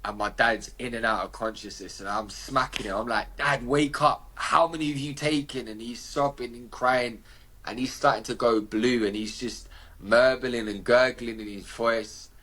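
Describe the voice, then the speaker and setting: A man's voice: lowish voice, steady tone, moderate pace, sharp tone. A man with a British accent, a podcast guest telling a personal story in a vivid, slangy way and acting out the dialogue. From United Kingdom.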